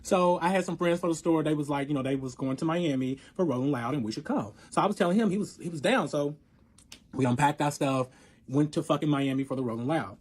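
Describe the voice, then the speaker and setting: A man telling a story in casual chat, animated and profane, acting out both sides of the arguments. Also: on the high side, quick pace.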